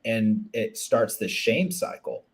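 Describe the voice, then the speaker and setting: A man's voice: on the low side, slow. A man speaking as a relationship coach in a casual interview, earnest and reflective, often restarting and adding "you know". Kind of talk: conversational interview.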